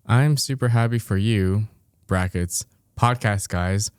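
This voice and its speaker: A man's voice: fairly low pitch, takes it slowly, clear, resonant tone, dry recording. A young man co-hosting a podcast, reading a listener's story aloud with dry, amused remarks and frequent laughter. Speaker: podcast co-host.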